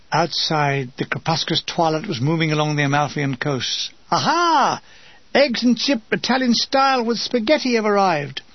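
Memoir narrator: a fairly high, husky male voice with dry, comic asides. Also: dry recording, lo-fi sound. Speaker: narrator of his own war memoir.

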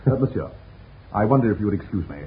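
A cheerful young Corsican son in a vintage radio play, eager and quick to laugh. His pitch moves in lively leaps. It comes through a tinny, narrow broadcast sound. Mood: hurried. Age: young adult. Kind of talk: 1940s radio acting.

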